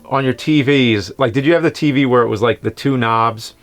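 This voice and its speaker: A man's voice: medium pitch, faint music behind. Laid-back man hosting a movie review. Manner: unhurried, hesitant, many fillers. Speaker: show host, film reviewer. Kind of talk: casual film review chat.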